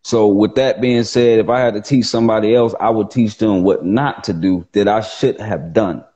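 Baritone man, animated guest poet. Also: normal speed, muffled recording. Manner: animated, plays with his voice tones, laughs easily. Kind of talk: casual chat on a live video call. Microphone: live video call.

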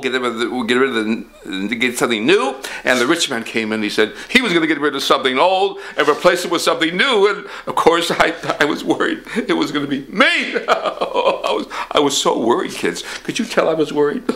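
A man hosting a comic children's show, rambling excitedly and talking straight to the kids. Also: medium pitch. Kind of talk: comic puppet-style kids' show patter.

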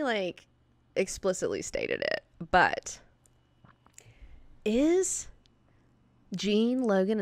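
A woman hosting a casual comic book review, talking in an excitable, gushing way and swearing freely. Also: mid-range voice, clean tone, no room sound, studio quality.

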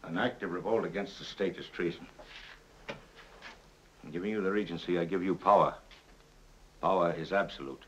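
An actor playing a cunning, stern middle-aged king and father, who talks in a husky, commanding voice and questions with scorn, in a 1950s epic film. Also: sits low, moderate pace, pauses often, a little hiss or hum, close to an everyday voice. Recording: dull lo-fi 1950s film soundtrack.

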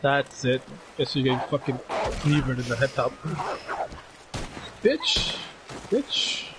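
A young man playing a video game with a friend, swearing and reacting out loud to what happens. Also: medium pitch, little pitch movement, a little fast, noisy background. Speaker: gamer. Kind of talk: casual gaming chat.

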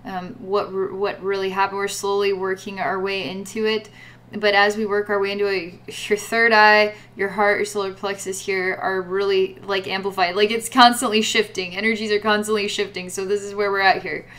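A woman leads a guided psychic reading, talking to a client about energies and visions. She rambles, with many fillers and repeated words. Her voice sits at a middle pitch. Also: flat delivery, normal speed, a bit bright. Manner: rambling, full of "like" and repetitions. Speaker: psychic reader.

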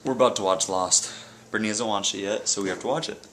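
A man's voice: on the low side, fairly bright tone, a little hiss or hum. A young man vlogging casually with a friend, joking and talking to viewers, outdoors and in a car on a rainy day. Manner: joking, speaks to viewers, bursts into fast talk. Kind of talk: casual chat.

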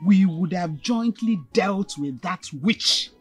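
A husky, scheming friend. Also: female voice, on the low side, lively intonation, takes it slowly, soft background music, full character voice. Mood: scolding. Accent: Nigerian. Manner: scolding, insistent. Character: scheming, insistent woman friend. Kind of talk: Nollywood film acting.

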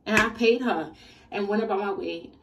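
Young woman, casual storytime vlog, slangy and exasperated, mid-pitched voice, sits a bit back from the mic. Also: moderate pace, distant mic, noisy background. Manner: animated, slangy, exasperated retelling. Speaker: vlogger.

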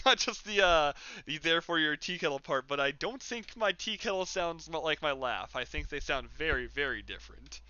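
A man's voice: a little high, pushed and bright, clean tone, dry recording, highs cut off. A man streaming a game and chatting casually with his chat in a rambling, jokey way, laughing often. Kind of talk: casual live-stream chat while gaming.

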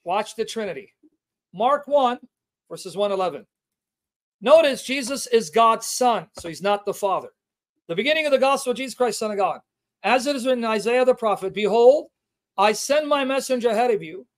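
Male livestream host, very high pitch, emphatic scripture teacher who repeats his points. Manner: emphatic, repeats key words to drive the point home; reads scripture aloud with slow stressed delivery.

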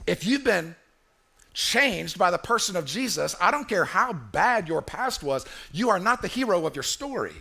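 High, gravelly, bright-voiced pastor preaching. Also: male voice, sing-song, normal speed. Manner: emphatic, repetitive, asks the congregation to answer. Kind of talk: sermon. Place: church.

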